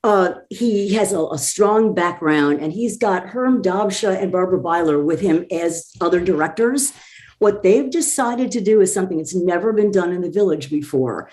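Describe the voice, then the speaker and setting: A woman's voice: fairly low pitch, lively intonation, normal speed, darkish tone. A woman talking enthusiastically as a podcast guest, effusive and chatty. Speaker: guest promoting a community theater show. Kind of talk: casual chat.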